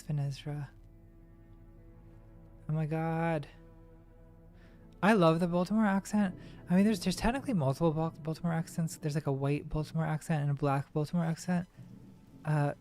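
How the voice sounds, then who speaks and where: A woman's voice: low voice, warm tone. A woman streamer giving casual gaming commentary, rambling with ironic, self-mocking jokes.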